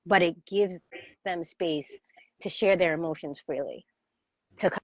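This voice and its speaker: A woman in her thirties, a parenting coach, talking casually as an interview guest and telling animated stories. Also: lowish voice, unhurried, dry recording. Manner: animated storyteller, laughs often, acts out voices. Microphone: video call. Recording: dry, dull video-call audio.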